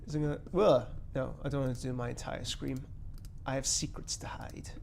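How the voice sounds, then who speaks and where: A man's voice: mid-range voice, level tone, a little fast, creaky, a little mellow, slight background noise. A man hosting a casual live stream, rambling and joking at his own expense while he mutters through his work. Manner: rambling, self-deprecating, mutters to himself while working. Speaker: live stream host building miniatures.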